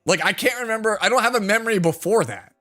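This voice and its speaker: A man's voice: high voice, quick pace, bright, forceful tone. A man in his thirties, a streamer, telling a rambling story to his chat with lots of filler words and frequent laughter. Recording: faint music behind.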